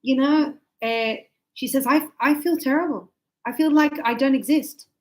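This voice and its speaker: A woman's voice: high-pitched, normal speed, low-quality recording. A woman teaching English in a casual, chatty way, acting out everyday scenes and filling gaps with little sound effects.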